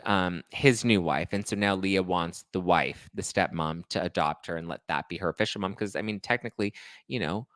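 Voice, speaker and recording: A man's voice: on the low side, a bit bright, no room sound. A man hosting a pop culture show, in casual gossip commentary that is chatty, full of fillers and sarcastic asides. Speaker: pop culture podcast host.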